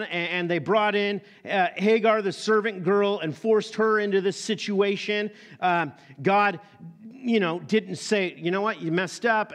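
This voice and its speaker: A man's voice: high voice, fairly bright tone. A man preaching a sermon as pastor, telling the story animatedly and acting out the characters.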